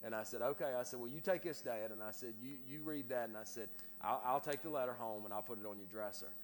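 Preacher, man, quick sermon storytelling with stammered restarts, echoing church sanctuary. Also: medium pitch. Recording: reverberant hall with faint noise.

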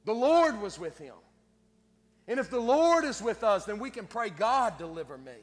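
A man preaching a sermon in an impassioned way, often rising to loud cries. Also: extremely high pitch, very animated, moderate pace, big-room sound.

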